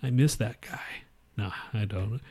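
A man's voice: lowish voice, measured pace, dark tone, breathy edge. A man co-hosting a podcast who rambles through crude jokes, swears a lot, and reads trivia facts aloud in casual banter. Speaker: podcast co-host.

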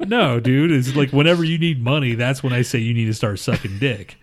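A man co-hosting a podcast tells a long, rambling story in crude, profane language. He is animated and full of filler. His pitch sits in the middle range. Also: brisk. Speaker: podcast co-host.

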